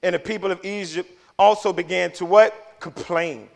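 A man preaching a sermon, swinging from hushed remarks to shouting and tossing in joking asides. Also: high voice, fairly even intonation, normal speed, gravelly.

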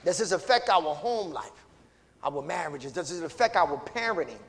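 A man preaching a sermon in a church, in call-and-response style, swinging from loud to hushed. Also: on the high side, expressive, normal speed, gravelly, a little hiss or hum. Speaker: pastor. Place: church sanctuary. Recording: long church reverb.

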